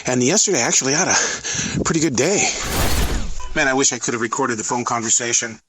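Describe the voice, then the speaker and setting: A chatty middle-aged man telling stories in a relaxed vlog voice. His pitch sits in the ordinary middle range. A faint hiss runs under the recording. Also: fairly quick. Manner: chatty, storytelling, laughs easily. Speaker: podcast host and customer service manager. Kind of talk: casual vlog chat.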